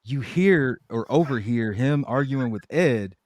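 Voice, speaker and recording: A man's voice: medium pitch, lively intonation, a little slow, darkish tone, no echo. Laid-back man with dry asides. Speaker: podcast co-host. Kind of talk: casual recap chat.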